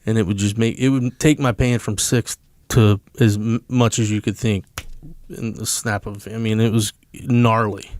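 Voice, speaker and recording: A man's voice: on the low side, fairly even intonation, normal speed, darkish tone, no echo. A man, a podcast guest, telling a story in a casual, blunt and emphatic way, swearing freely.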